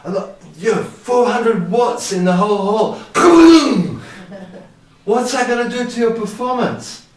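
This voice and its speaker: A man presenting a seminar to a live audience, speaking into a microphone through loudspeakers. He has a naturally quiet voice and acts out his anecdotes with sound effects. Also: sits high, steady tone, normal speed, hardly any pauses. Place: large hall with loudspeakers. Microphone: microphone at ten centimeters, through a PA. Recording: very echoey hall, distant from the camera.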